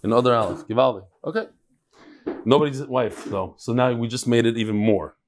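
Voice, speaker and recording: A man leads a daily Talmud class in front of a live audience, joking and teasing back and forth with the people in the room. His voice is medium-pitched and a little fast.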